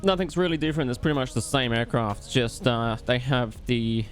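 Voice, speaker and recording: A man's voice: medium pitch, steady tone, a little fast, soft background music. A man streaming a flight simulator, commenting brashly to himself and swearing a lot. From Australia. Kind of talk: live flight-sim gameplay commentary.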